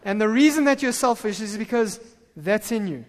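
A man preaching a sermon as pastor, animated and full of stammered restarts. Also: high voice, normal speed. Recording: reverberant hall.

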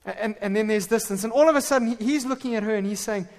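A man preaching a sermon as pastor, animated and full of stammered restarts. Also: sits high, quick pace. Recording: reverberant hall.

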